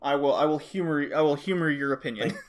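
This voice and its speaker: A man's voice: a little high, quick pace. A man co-hosting a casual podcast, explaining things at length with restarts and frequent check-ins with his co-host.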